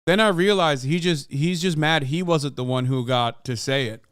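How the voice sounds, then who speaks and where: A man's voice: on the high side, normal speed, fairly bright tone, clean tone, dry recording, studio quality. A young man streaming, reacting to clips with sarcastic, profane commentary and bursts of laughter. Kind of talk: casual livestream commentary.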